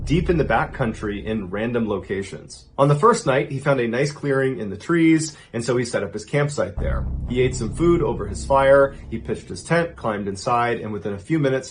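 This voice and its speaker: A young adult man narrating a story dramatically, building suspense and dropping to hushed tones. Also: medium pitch, a little hiss or hum.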